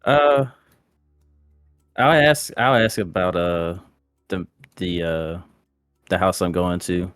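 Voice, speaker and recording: A man's voice: sits low, slow pace, long pauses, a bit bright, clear, resonant tone, no room sound, studio quality, soft background music. A man playing a tabletop game, talking hesitantly with many fillers. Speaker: player.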